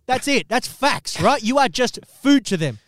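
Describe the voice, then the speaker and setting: A high-pitched man co-hosting a comedy podcast, ranting in an exaggerated, foul-mouthed way and laughing as he goes. His voice sits close and dry on the microphone. He pushes each complaint for comic effect. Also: very animated, moderate pace, fairly bright tone, dry recording. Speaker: podcast co-host. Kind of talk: comedic rant.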